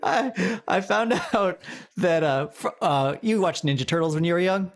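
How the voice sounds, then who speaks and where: His voice sits high while he speaks at a normal speed, co-hosting a relaxed comedy podcast. He narrates stories with plenty of animation, laughing often along the way.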